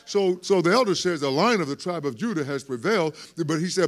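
A man preaching a sermon, talking conversationally to the congregation and swelling into loud, lively emphasis. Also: on the high side, a little fast.

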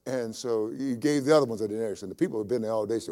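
A man's voice: on the low side, very fast, dark tone. A man preaching a sermon as a pastor, folksy and repeating phrases for emphasis.

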